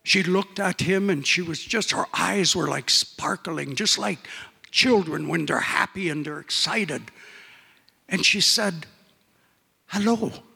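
A man's voice: a little high, unhurried, gravelly, pushed and bright, breathy edge, in a large hall. A man telling a folk tale in a folksy way, peppered with "eh?" asides. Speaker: storyteller.

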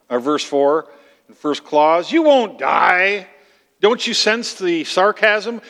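Guy preaching, kinda high voice, emphatic teaching, long echo in the hall. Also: pushed and bright. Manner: explanatory, emphatic teaching with rhetorical questions. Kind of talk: sermon with scripture reading.

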